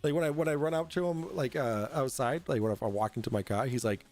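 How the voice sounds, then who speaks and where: A young adult man hosting a casual livestream from home, tipsy, rambling and halting with lots of fillers and swearing. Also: mid-range voice, darkish tone, faint music behind. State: tipsy from drinking. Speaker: host. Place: at home in an apartment.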